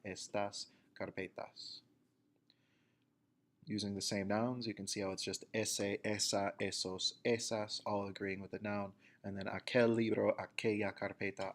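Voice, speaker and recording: Man explaining Spanish grammar, lowish voice. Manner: steady explanatory, reads examples aloud slowly. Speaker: Spanish teacher. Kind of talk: recorded grammar lesson.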